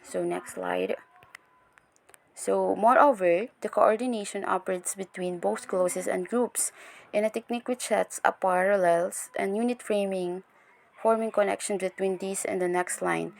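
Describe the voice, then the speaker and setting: A woman's voice: medium pitch, fairly even intonation, unhurried, vocal fry, a little mellow. A young woman giving a recorded class presentation, explaining step by step with frequent restarts and fillers. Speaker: student presenter.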